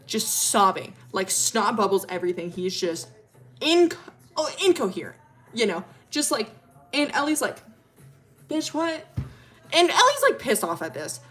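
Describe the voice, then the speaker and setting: A woman's voice: medium pitch, very animated, normal speed, a bit bright. A young woman streamer casually telling a rambling story, full of fillers and laughter.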